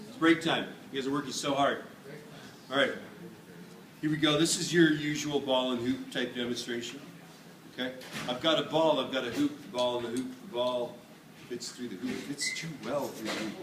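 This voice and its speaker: A man teaching physics to a class, running a hands-on demonstration in a lively, joking way. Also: mid-range voice, brisk. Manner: playful, jokey, energetic demonstrator. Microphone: camera at a distance. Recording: echoey classroom from far off, noisy.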